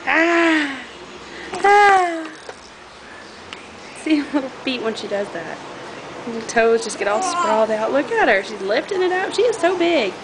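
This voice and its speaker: A woman's voice: a little high, lively intonation, a little fast. A woman cooing in sing-song baby talk to her babies at bath time, filmed on a home camcorder. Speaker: mother filming her babies. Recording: noisy home camcorder audio.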